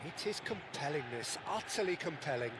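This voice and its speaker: A man playing a high, lively football play-by-play commentator in a video game, his calls swinging widely in pitch. He gets excited and shouts when a goal goes in. Heavy noise sits under the game audio. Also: fairly quick, close to an everyday voice. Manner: excitable, rising to shouts on goals. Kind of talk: scripted sports commentary.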